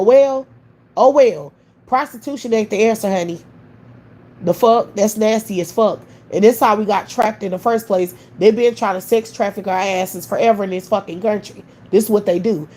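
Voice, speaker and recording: A woman's voice: medium pitch, a little mellow. A woman hosting a livestream, ranting in a heated, blunt and profane way. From United States. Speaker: livestream host. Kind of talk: livestream rant.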